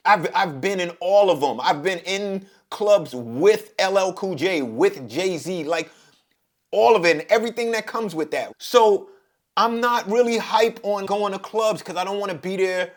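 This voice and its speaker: A middle-aged man from Brooklyn with a New York accent, talking in a reflective, passionate monologue and getting louder as he drives his point home. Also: a little slow. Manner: passionate, rises in pitch and loudness when making a point. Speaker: podcast host.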